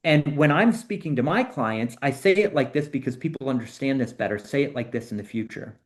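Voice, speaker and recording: A man talks as a guest on a podcast interview. He explains in an animated way, rushing through some lists and slowing down to stress others. His voice sits at an ordinary middle pitch. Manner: animated explainer, speeds up and slows down to stress points. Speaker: AI consultant guest.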